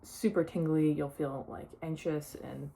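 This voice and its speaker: A woman's voice: deep voice, steady tone, a little slow, vocal fry, dark tone, a little hiss or hum. A young woman talking casually in a personal vlog, sharing her experience with many "like" fillers. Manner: chatty, lots of "like" fillers. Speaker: vlogger.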